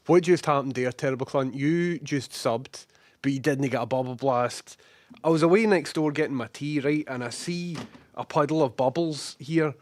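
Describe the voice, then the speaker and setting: A young Scottish man chats away on a live stream, greeting his viewers one by one. His voice is a touch hoarse from a cold, and the sound is close and dry with no room echo. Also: fairly high pitch. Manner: chatty, greets viewers warmly by name. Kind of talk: casual live-stream chat.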